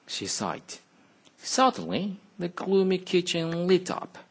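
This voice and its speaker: Brief: male teacher narrating a fairy tale, slow and deliberate, breathy. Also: high-pitched, sing-song. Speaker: radio English teacher. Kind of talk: slow, expressive storybook reading.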